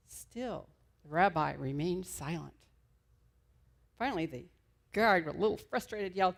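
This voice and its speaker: A woman's voice: low voice, a little slow, vocal fry, long pauses. A middle-aged woman minister giving an enthusiastic, conversational sermon.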